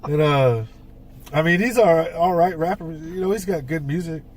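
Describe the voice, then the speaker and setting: A man's voice: on the high side, normal speed, darkish tone, distant mic. A man co-hosting a casual podcast, telling rambling stories about writing his band's songs, with lots of fillers and swearing. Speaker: podcast co-host and band songwriter. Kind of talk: casual chat.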